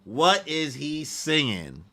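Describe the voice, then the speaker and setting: A man's voice: fairly high pitch, sing-song, slow, bright, forceful tone. A man reading a manga aloud live and reacting with slangy asides, as the regular host of his channel.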